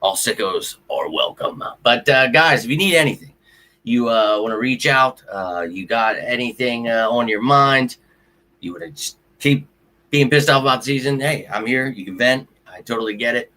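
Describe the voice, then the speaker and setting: A man's voice: mid-range voice, normal speed, bright, forceful tone. A man hosting a sports livestream, talking casually to his viewers, frustrated and ranting with some cursing. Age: adult with a child. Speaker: sports show host.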